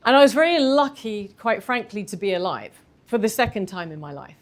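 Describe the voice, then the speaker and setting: A woman, telling a candid personal story in a talk, animated and self-deprecating. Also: medium pitch, brisk. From London. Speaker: speaker giving a talk.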